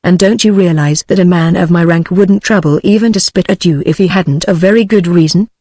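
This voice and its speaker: A woman's voice: lowish voice, fairly quick, no echo, clean studio sound, lightly acted. A British English female synthetic voice reading the lines of a genial, unctuous middle-aged male chief inspector in an audiobook. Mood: scornful. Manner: even synthetic speech reading all parts.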